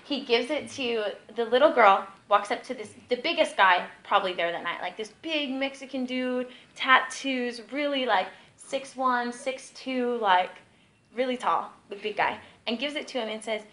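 A woman's voice: a little high, moderate pace, rough recording. A young woman giving a casual ministry teaching, telling stories in a chatty way full of "like". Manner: chatty, peppered with "like", lively storytelling.

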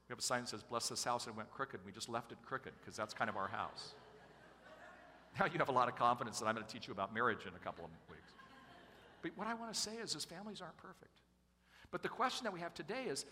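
A middle-aged man preaching, his bright, forward voice ringing out in a large church hall with a long reverb tail. He tells stories casually and pokes fun at himself. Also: medium pitch, slight background noise. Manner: self-deprecating, conversational storyteller. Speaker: pastor. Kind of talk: sermon with personal storytelling.

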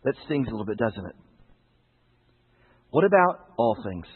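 A man's voice: fairly low pitch, sing-song, moderate pace, a little hiss or hum. A man preaching a sermon in a conversational way, often asking his listeners rhetorical questions. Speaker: pastor. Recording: tinny narrow-band broadcast sound.

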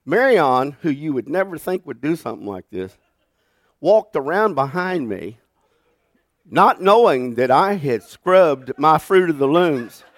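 A pastor in the pulpit, telling stories with a folksy, animated delivery and chuckling along the way. His voice sits a little higher than most men's, and the sound is close and dry with almost no room echo. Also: measured pace. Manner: folksy, animated storyteller who laughs through his stories. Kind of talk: sermon with storytelling. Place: church sanctuary.

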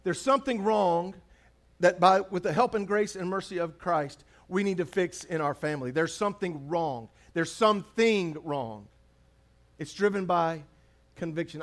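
A man preaching a sermon as pastor, conversational and humorous, repeating phrases for emphasis. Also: on the high side.

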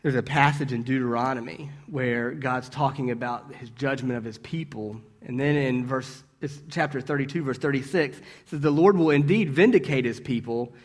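A man giving a conversational sermon, asking rhetorical questions and checking in with his listeners. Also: mid-range voice. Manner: storytelling with brief restarts. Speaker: preacher.

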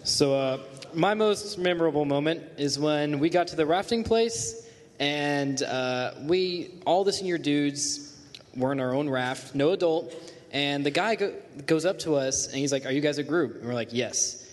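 Teen boy, slightly high voice, lively storyteller, reverberant hall. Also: normal speed. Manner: animated, acts out quotes. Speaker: student telling a story. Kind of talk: casual storytelling to a group.

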